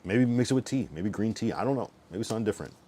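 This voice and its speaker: Deep-voiced young man rambling casually. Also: animated, rapid-fire, warm tone. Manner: laid-back, swears freely, trails off into mumbles. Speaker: livestream host.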